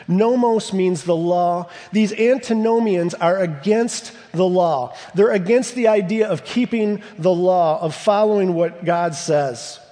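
A man preaching a sermon in a church, emphatic, slowing down to stress key words. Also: high voice, mellow, long reverb tail. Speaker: pastor. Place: church sanctuary.

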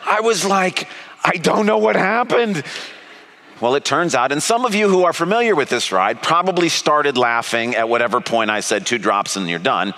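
A man's voice: medium pitch, big pitch swings, brisk, few pauses, bright, forceful tone. A man giving a sermon in a conversational, storytelling way, earnest and direct. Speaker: preacher. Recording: long reverb of a hall.

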